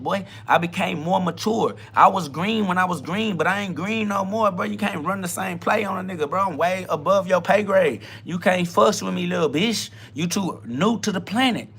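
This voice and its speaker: A man hosts a self-talk podcast, firing off a profane, combative rant. His voice sits a touch high and rings bright and forceful. He taunts and jabs with blunt certainty. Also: normal speed, creaky, few pauses, slightly rough. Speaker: podcast host.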